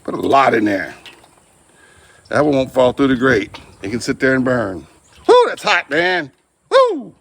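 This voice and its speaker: A man's voice: mid-range voice, lively intonation, normal speed, gravelly, fairly bright tone, husky. A man demonstrating barbecue at an outdoor grill, with folksy joking asides. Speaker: barbecue channel host. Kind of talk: casual cooking demonstration.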